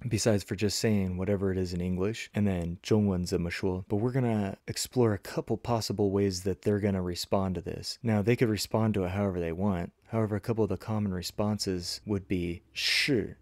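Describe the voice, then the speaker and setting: A man teaching a language lesson, modeling phrases slowly and carefully. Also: fairly low pitch, darkish tone, dry recording, studio quality. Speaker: Mandarin teacher.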